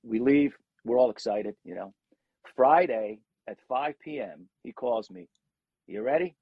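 A man's voice: mid-range voice, measured pace, vocal fry, slightly rough, no echo, highs cut off. A middle-aged man, a rock singer, telling stories from his career in a casual interview and acting out the voices of people in them. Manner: animated storyteller, acts out quotes.

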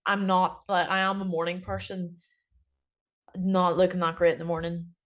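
A woman with a deep voice, a teacher co-hosting a casual podcast and rambling with lots of fillers. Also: flat delivery, normal speed. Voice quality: deep voice, says so herself. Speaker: podcast co-host, primary school teacher. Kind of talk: casual chat.

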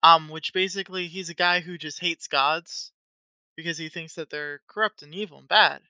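Bright clear-voiced woman cohost, chatty and excitable, dry close sound. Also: fairly low pitch, normal speed, no echo. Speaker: podcast co-host. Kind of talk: casual chat.

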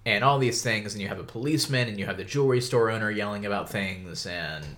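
Low-voiced man chatting about a book. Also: fast. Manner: chatty, relaxed, with fillers and restarts. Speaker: podcast co-host. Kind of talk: casual book discussion.

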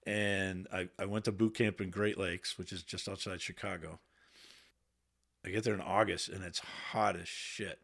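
A man's voice: low voice, fairly even intonation, moderate pace, vocal fry, fairly bright tone. A man, a podcast guest and Navy veteran, telling stories in casual, candid talk with plenty of swearing. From Boston area. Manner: candid, swears freely, quotes himself in raised voice. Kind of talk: casual storytelling. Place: podcast studio.

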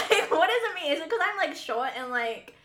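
A woman's voice: sits high, very animated, fairly quick, echoey room, very noisy. A young woman co-hosting a podcast, chatting animatedly, swearing and laughing often. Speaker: podcast co-host. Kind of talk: casual chat.

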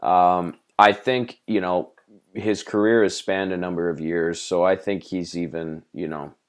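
Band guest: Canadian man, deep, easygoing chat, laughs a lot. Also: fairly even intonation, a little slow, clear, resonant tone. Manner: laid-back, laughs often, swears casually. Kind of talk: casual interview chat.

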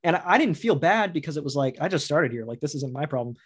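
A man hosting a casual chat, quick and talkative, agreeing a lot and teasing his guest. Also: a little high, animated, slightly rough. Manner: quick and chatty, lots of agreeing "yeah"s and teasing.

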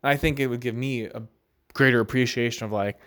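Fast and medium-pitched, this solo podcast host rambles through a casual chat full of "like" and "right?". He stays relaxed throughout, slipping in an occasional easy laugh.

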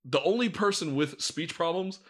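A man's voice: on the high side, moderate pace. A man co-hosting a casual podcast, swearing a lot and arguing his point. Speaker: podcast co-host. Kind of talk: casual chat.

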